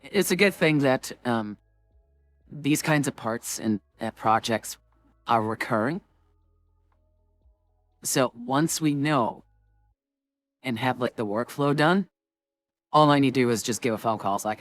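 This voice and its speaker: Slow, chatty woman streamer. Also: extremely low pitch, expressive, dry recording, soft background music. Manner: rambling, chatty, full of "like" and "um". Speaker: streamer and game host. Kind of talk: casual chat before a tabletop game.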